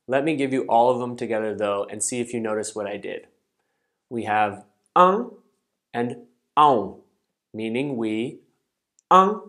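A man teaching a language lesson, explaining things step by step in a clear, methodical way and saying example words slowly and carefully. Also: medium pitch. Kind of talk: scripted online language lesson.

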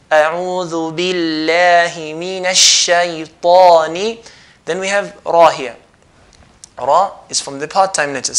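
A man with a bright, ringing voice that sits a little high for a man. He teaches recitation step by step, explaining patiently and then stretching each sound out slowly in repeated demonstrations. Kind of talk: step-by-step pronunciation lesson.

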